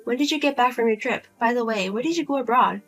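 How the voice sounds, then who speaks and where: A woman's voice: fairly high pitch, fast talker, fairly bright tone, faint music behind, pitched below the performer's own voice. A woman voicing a single adult daughter who speaks bluntly and coldly to her mother. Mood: firm, exasperated. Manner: blunt, cold, lecturing.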